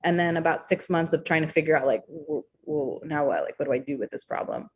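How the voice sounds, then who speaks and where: A young adult woman talking candidly as a podcast guest, expressive and blunt, swearing freely. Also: deep voice, a little fast, breathy edge. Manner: frank, expressive, swears freely, acts out quoted thoughts. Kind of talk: candid interview conversation.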